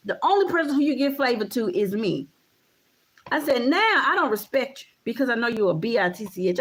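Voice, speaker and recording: A woman in her thirties vents to the camera in a casual vlog. Her voice sits fairly high, and she talks emphatically, circling back over the same points with plenty of profanity. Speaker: vlogger.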